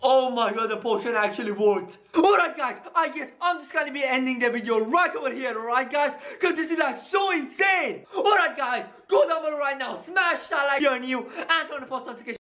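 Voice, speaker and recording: A man acting out a scripted gaming skit, talking excitedly to his viewers and exclaiming. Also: very high voice, brisk, hardly any pauses. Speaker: gaming comedy YouTuber.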